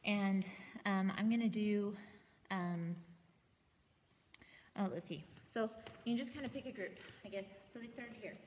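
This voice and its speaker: A woman's voice: mid-range voice, a little slow, pauses often. Woman scatting dance counts in an echoey hall. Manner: thinks aloud, hums the beats, counts out loud. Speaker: color guard choreography instructor. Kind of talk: teaching choreography, scatting the music and counting. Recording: roomy, echoey, from far off, noisy.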